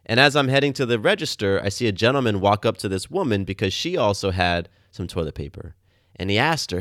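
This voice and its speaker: A man hosting his own podcast, telling warm everyday stories in a casual, upbeat, enthusiastic way. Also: fairly low pitch, lively intonation, fairly quick, no echo, studio quality. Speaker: podcast host. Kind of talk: casual storytelling monologue. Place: Atlanta, USA.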